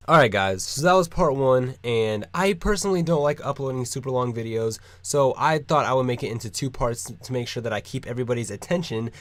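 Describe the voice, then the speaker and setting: A young man vlogging, telling a rambling, excitable story in casual chat. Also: mid-range voice, brisk, hardly any pauses, soft background music.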